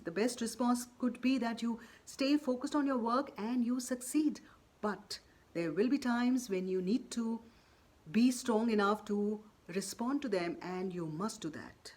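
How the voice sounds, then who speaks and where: A woman's voice: on the high side, a little mellow. A woman presenting workplace advice straight to her viewers, in a firm, emphatic way that keeps stepping through examples. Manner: firm and emphatic, repeating "or you could say" between examples. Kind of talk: direct-to-camera advice talk.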